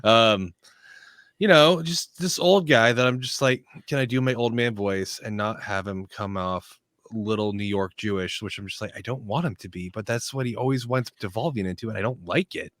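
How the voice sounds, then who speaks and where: A man's voice: on the low side, normal speed, a bit bright, no echo, clean studio sound. A man playing a tabletop role-playing game, chatting in character with rambling, jokey asides. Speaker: player.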